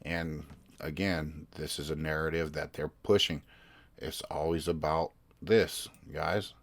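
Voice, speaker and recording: A man's voice: very deep voice, steady tone, slow. A man hosting his own podcast, reading news articles aloud and commenting in a casual, rambling way, often stopping to search for his place. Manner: rambling, self-interrupting, reads articles aloud. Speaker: podcast host.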